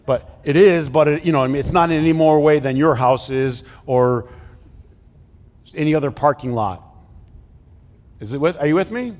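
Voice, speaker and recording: A middle-aged man preaches in a casual, joking way, asking the congregation questions as he goes. His voice sits a bit high for a man. Long reverb from the church hall trails after his words. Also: normal speed, long pauses, darkish tone. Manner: conversational, jokey, asks the congregation questions. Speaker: pastor. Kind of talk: sermon.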